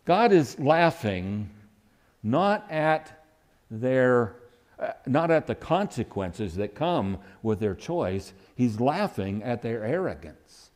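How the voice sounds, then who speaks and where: A man's voice: mid-range voice, sing-song, slow pace, a little mellow. A man preaching a sermon who acts out quoted lines with sudden rises and dips in his voice.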